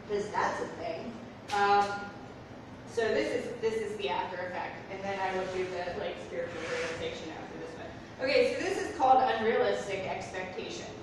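A woman performing spoken-word poetry in an art gallery, reading her poems and chatting casually between them with lots of "like" and "um.". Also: fairly high pitch. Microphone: far from the recording mic. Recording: echoey noisy room from far off.

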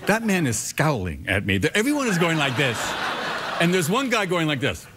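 A man as a guest on a late-night talk show, talking in a halting, deadpan, self-deprecating way. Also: a little high, very noisy.

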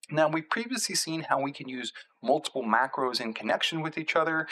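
A man's voice: medium pitch, fairly bright tone, low-quality recording. A middle-aged man teaching a screencast tutorial, walking through code in a methodical way and repeating terms as he points to them. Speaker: instructor.

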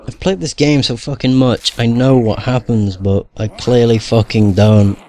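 A young man plays through a video game, giving casual commentary full of swearing, grumbling at the game and laughing at himself. His mid-range voice is steady and a little slow, with a darkish tone.

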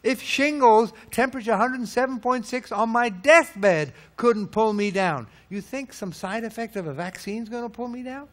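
High-pitched male preacher, emphatic sermon delivery, rhetorical questions, sharp swings in volume. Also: moderate pace, few pauses. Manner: swings between loud peaks and low hushed lines.

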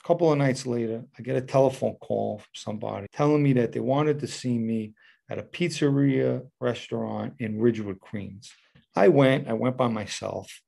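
A man's voice: medium pitch, normal speed, creaky, mellow, husky. A man recounting a personal story in a casual, matter-of-fact, street-talk manner. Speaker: former mob associate telling a story.

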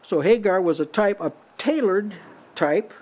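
High-voiced older man preaching. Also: lively intonation, unhurried, darkish tone. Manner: conversational, breaks into lifted voice for quoted lines, frequent short laughs. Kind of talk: house church Bible teaching. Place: small house church meeting.

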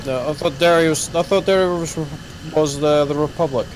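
A man in a casual group chat on a game stream, chiming in with quick remarks. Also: a little high, slight background noise, poor audio.

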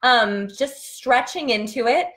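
Woman singing coach, high bright pitch, very lively melodic delivery, voice a bit tired, demonstrating belting. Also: slow. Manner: demonstrative, sings and yells sample notes between explanations. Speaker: singing teacher. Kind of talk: live-streamed singing lesson.

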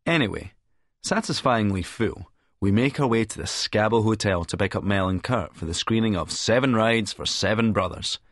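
A man's voice: on the low side, moderate pace, dry recording, studio quality. A man narrating a first-person audiobook in a sardonic, crude, cocky manner.

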